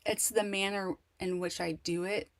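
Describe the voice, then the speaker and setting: A woman talking candidly to camera in a casual personal monologue, rambling and halting, with many restarts and fillers. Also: mid-range voice, fairly even intonation. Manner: candid and emotional. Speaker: vlogger.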